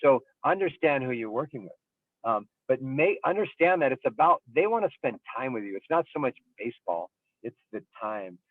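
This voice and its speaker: A man's voice: medium pitch, sing-song, normal speed, no echo. Man on a tinny, dry call line. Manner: thoughtful, explains with everyday examples and frequent ums. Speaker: baseball coach and scout. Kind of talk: casual panel discussion.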